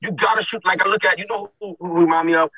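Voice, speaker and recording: A man's voice: sits high, fast talker, highs cut off. A man who announces streetball games, chatting animatedly on a podcast and often checking in with "you understand?". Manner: animated, re-enacts conversations in quoted voices. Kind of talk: casual podcast chat.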